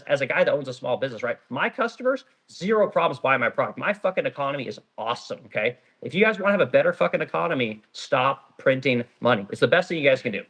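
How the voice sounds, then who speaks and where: On a relaxed livestream, a middle-aged Oregon man who runs a small business reads viewer comments aloud and rants with blunt profanity. His voice is medium-pitched, a bit bright, and slightly breathy.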